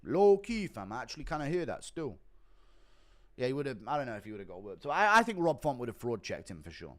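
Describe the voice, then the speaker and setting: A man's voice: medium pitch, big pitch swings, fast talker. A young man live streaming, casually reading out donations and rambling with a lot of swearing and sarcasm. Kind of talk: casual chat.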